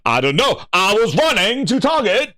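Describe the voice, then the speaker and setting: Excitable man with lively high voice. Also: moderate pace, no echo, clean studio sound. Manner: loud, animated, teasing and incredulous. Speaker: podcast host. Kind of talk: excited casual gaming talk.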